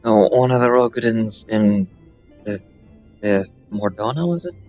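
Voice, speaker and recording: A man co-streaming a game, chatting in a relaxed, joking way. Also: on the low side, a little slow, highs cut off. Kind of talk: casual chat while gaming. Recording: music behind.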